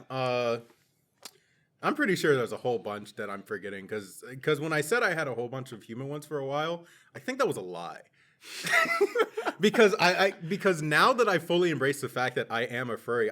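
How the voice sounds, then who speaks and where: A man's voice: medium pitch, sing-song, fairly quick, a bit bright. A young man co-hosting a podcast in casual chat, trading crude jokes and laughing often. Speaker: podcast co-host.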